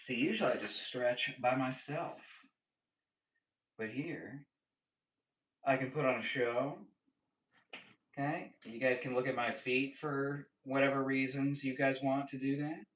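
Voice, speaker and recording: A man's voice: medium pitch, steady tone, measured pace, long pauses, a bit bright, slight background noise, poor audio. A young man live-streaming, casually joking and teasing as he reads and answers his chat.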